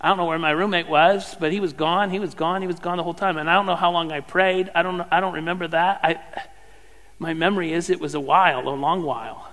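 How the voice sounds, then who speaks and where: A middle-aged man preaching a sermon, swinging from loud fervent questions to hushed, near-whispered lines. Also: on the high side, steady tone, quick pace. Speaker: pastor. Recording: long hall reverb.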